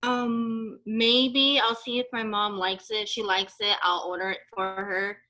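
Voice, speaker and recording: A woman's voice: medium pitch, flat delivery, measured pace, sharp tone, poor audio. A woman student presenting her artwork in class, hesitant and full of fillers, over a video call. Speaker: art student.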